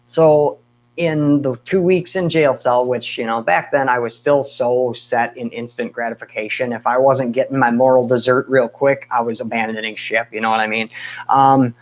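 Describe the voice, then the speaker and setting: A man casually telling a personal story, candid and animated, often acting out what people said. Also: mid-range voice, normal speed, dull audio. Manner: candid, animated storytelling with asides and quoted dialogue. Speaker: speaker sharing his testimony.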